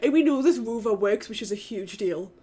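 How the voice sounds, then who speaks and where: A woman's voice: mid-range voice, lively intonation, fairly quick, mellow, husky. Chatty young British woman streaming a game. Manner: chatty, casual swearing, talks to chat. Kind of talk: casual live-stream chat. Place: home in a flat.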